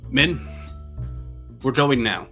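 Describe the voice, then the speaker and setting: Man voicing a city watch captain, commanding, curt, bright forceful voice, tabletop game. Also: medium pitch, animated, drawn-out words, gravelly, faint music behind, full character voice.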